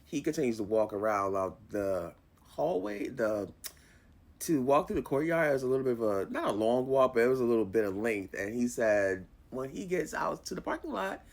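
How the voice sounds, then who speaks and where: Animated, profane woman telling a story. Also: rumbling low, moderate pace, creaky. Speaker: vlogger. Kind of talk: storytime vlog.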